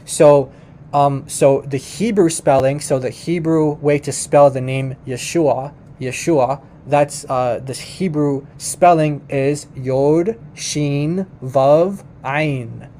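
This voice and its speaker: Emphatic man, dark-toned, commentating a video. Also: fairly high pitch, slow, a little hiss or hum. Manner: emphatic, corrects himself often, addresses viewers as guys. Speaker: host reacting to a video.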